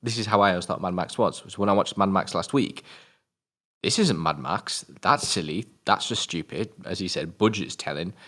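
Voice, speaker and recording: A British man with a notably deep voice co-hosts a casual film review chat. He talks in a rambling, halting way, full of "um"s and offhand swearing. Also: fairly bright tone. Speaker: co-host of a film review show.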